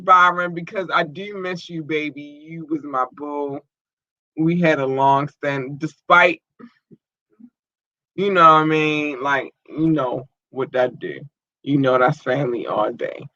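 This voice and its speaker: A woman hosting a live podcast rants bluntly and profanely in a raised, forceful, fired-up voice. Her sound is dry and close, with no room around it, but dull and lo-fi. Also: low voice, a little slow, dry recording. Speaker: podcast host. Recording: dull lo-fi audio.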